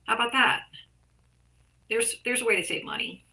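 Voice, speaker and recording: A woman talks in a bright, forceful voice that sits a little high. She is blunt and emphatic, with frequent swearing as she makes her points. She is a guest chatting casually about her views. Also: normal speed, creaky, low-quality recording. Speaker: guest, artist and art teacher. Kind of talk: casual conversation.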